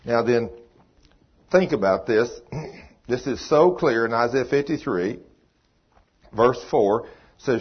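Older husky-voiced preacher, folksy and emphatic. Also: male voice, mid-range voice, expressive, slow, long pauses. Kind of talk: sermon. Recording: dull, muffled lo-fi recording.

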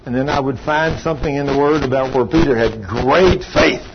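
A man preaching a sermon in a conversational, animated way, rising high for emphasis. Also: normal speed. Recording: muffled lo-fi recording with background noise.

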